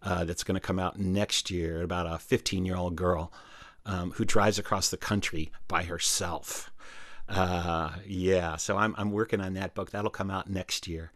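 A man who is a storyteller and musician, chatting in a relaxed, rambling way with many fillers as a radio guest from his own studio. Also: sits low, unhurried, dry recording. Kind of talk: casual radio interview chat.

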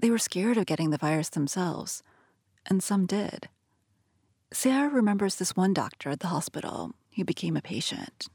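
Husky female reporter, dry booth, measured scripted narration. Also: lowish voice, no echo. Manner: calm, measured storytelling.

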